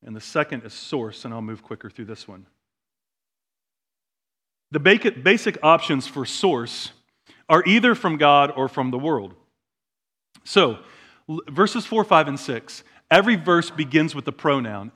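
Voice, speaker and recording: A man pastor preaching a sermon in a church, moving between quiet, slow asides and loud, emphatic declarations. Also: fairly high pitch. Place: church sanctuary.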